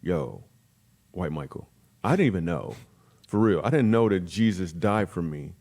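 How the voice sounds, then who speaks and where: A man, a comedian guest, telling a comic story in a podcast interview with animated, punchy delivery and quick character voices. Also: low-pitched.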